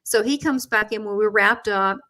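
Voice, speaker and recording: A woman hosting a live online chat as a spiritual medium. She tells animated stories full of quoted dialogue and frequent restarts. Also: mid-range voice, normal speed.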